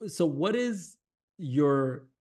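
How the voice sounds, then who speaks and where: A man's voice: on the high side, very animated, extremely slow, a little mellow, breathy edge. A man co-hosting a casual chat, teasing and joking playfully. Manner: teasing, playful, cracks jokes.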